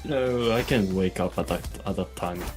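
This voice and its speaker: A man with a French accent speaks in dry, hesitant remarks during a casual group chat. His voice sits low, with faint music in the background. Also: normal speed. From France.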